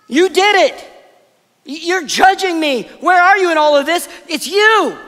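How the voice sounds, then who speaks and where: A male pastor putting on a grieving widow, pitched way up, shrill and loud. She hurls blame in an accusing cry, and the words ring out in a long hall reverb. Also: expressive, a little slow, exaggerated voice. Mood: bitter, accusing. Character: grieving widow crying out bitterly at God.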